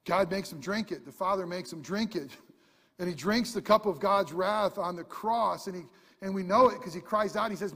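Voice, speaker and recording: A man preaching a sermon as pastor, impassioned, swinging from hushed asides to loud cries. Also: high voice, moderate pace, husky. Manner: impassioned preaching, rising to shouts. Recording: long hall reverb.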